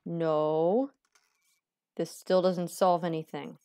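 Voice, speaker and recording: A woman's voice: on the low side, level tone, takes it slowly, warm tone, no echo, clean studio sound. A woman playing a video game and chatting casually, joking and reading game text aloud. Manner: joking, reads game text aloud, sudden playful voices. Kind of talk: casual let's-play commentary.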